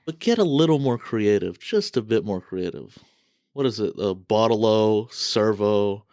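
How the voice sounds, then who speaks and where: American man, podcast co-host, low voice, dry close mic, blunt and profane teasing. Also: sing-song, normal speed, gravelly, mellow, dry recording. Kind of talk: casual podcast banter.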